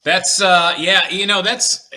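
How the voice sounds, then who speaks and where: A man from Detroit hosting a casual interview, asking halting questions with fillers. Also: sits high, fairly even intonation, sharp tone. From Detroit, USA. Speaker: podcast host.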